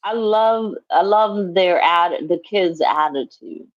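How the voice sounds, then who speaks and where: A woman co-hosting a casual livestream, speaking bluntly with frequent swearing and quick agreement. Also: fairly low pitch, lively intonation, highs cut off. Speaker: livestream co-host.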